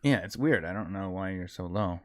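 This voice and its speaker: A man's voice: deep voice, dry recording, clean studio sound. A man co-hosting a live podcast in casual chat, upbeat and chatty while sick with a cold. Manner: upbeat, chatty, quick laughs. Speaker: podcast co-host.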